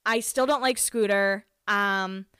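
A woman's voice: mid-range voice, steady tone, slow pace, sharp tone, smooth, dry recording, clean studio sound. Chatty, swearing woman in her twenties. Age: 20s. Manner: chatty and candid, swears freely, laughs often. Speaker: podcast host. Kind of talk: casual storytelling chat.

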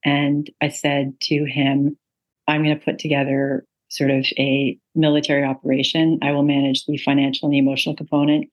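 Woman, middle-aged, interview guest, earnest storytelling, filler words, even monotone delivery. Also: low voice, brisk, dull audio. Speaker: author and guest. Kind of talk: interview conversation.

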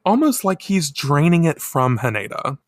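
A man casually recapping a comic story, animated and profane, laughing often. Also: fairly high pitch, normal speed, no echo, clean studio sound. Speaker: podcast co-host.

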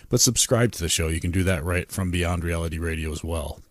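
A man's voice: low voice, brisk, few pauses, dry recording, studio quality. A man hosting a radio show, upbeat as he plugs the website and the coming guests. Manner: upbeat, plugs things with fillers. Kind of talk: radio show sign-off and promos.

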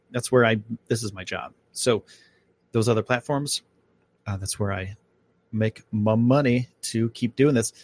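A man hosting a live podcast, chatting casually and rambling about space and his plans. He comes from upstate New York. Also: on the low side. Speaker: podcast host. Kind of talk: casual live-stream chat. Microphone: microphone at home.

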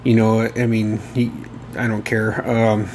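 A man's voice: on the low side, completely flat delivery, unhurried, background noise. A man in his thirties hosting a casual solo podcast, rambling and emotional, swearing freely and using many fillers. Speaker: podcast host.

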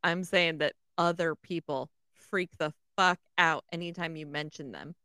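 A woman's voice: deep voice, moderate pace, bright, forceful tone, clean tone, dry recording, clean studio sound. A woman in casual chat, reacting briefly and teasing her co-host.

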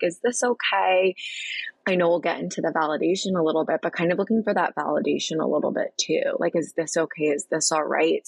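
A woman's voice: sits low, gravelly, breathy edge, no room sound, poor audio. A woman guest coach in a casual podcast conversation, earnest and affirming, with many filler likes.

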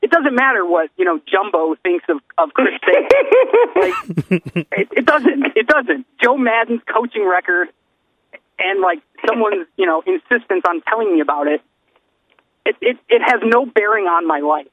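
A man's voice: high voice, sing-song, normal speed, no room sound, phone-quality sound. A man co-hosting a podcast, talking in a casual, earnest, rambling way. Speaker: podcast co-host. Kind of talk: casual chat.

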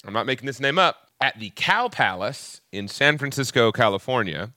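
A man's voice: medium pitch, animated, normal speed, sharp tone, no echo, studio quality. A man with a Southern US accent, chatting on a podcast and retelling history with jokes. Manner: chatty, joking storyteller. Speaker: podcast guest telling history. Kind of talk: casual podcast chat.

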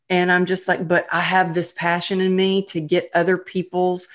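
A woman in her forties hosts a podcast, chatting casually with her guest. Her voice sits low for a woman, and she is self-deprecating and laughs easily. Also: little pitch movement, moderate pace, hardly any pauses. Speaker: podcast host. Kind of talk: casual interview chat.

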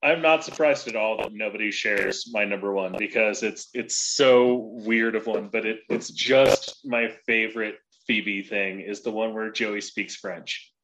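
A man guesting on a casual podcast, retelling scenes in an animated way and laughing as he goes. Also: lowish voice, a little slow, hardly any pauses, poor audio.

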